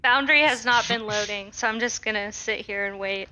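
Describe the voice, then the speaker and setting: A woman's voice: fairly high pitch, moderate pace, pushed and bright. A woman playing in a tabletop game, apologetic and easygoing, on a dull lo-fi mic. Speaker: player. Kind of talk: casual chat.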